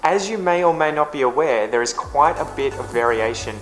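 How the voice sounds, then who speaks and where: A man's voice: a little high, animated, brisk, a bit bright, faint music behind. A man with a general Australian accent, an English teacher hosting an upbeat, scripted lesson. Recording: echoey room.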